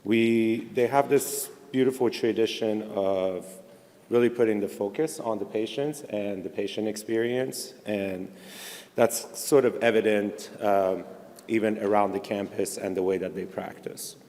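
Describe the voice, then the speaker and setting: A man's voice: fairly low pitch, fairly even intonation, unhurried, warm tone. Hesitant man presenting in a big hall. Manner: hesitant, many fillers. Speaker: architect presenting a project. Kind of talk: conference presentation. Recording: long hall reverb.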